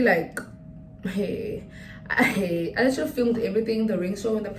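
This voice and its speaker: Young girl rambling excitedly to her followers, echoey room, noisy in the background. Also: mid-range voice, normal speed. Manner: excitable, rambling, addresses viewers as guys. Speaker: vlogger. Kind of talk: casual vlog chat. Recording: roomy, distant mic, noisy background.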